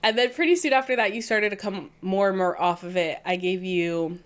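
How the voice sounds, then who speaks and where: A woman's voice: medium pitch, fairly quick, clean tone. A woman co-hosting a podcast, telling a story in casual chat and laughing often as she goes. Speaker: podcast co-host.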